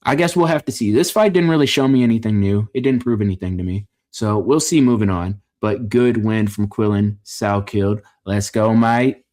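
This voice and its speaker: A man with a fairly low voice runs through a fight card in casual reaction commentary. He is opinionated and jokey, rambling a little and catching his own slips. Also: moderate pace, hardly any pauses, a little mellow. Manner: opinionated, joking, rambling with self-corrections. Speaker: MMA fight reaction host.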